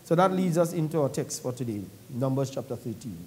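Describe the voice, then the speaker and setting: A man's voice: medium pitch, animated, brisk, dark tone, a little hiss or hum. A man preaching a sermon in church, reading scripture aloud and explaining it in a conversational way, with questions to the congregation.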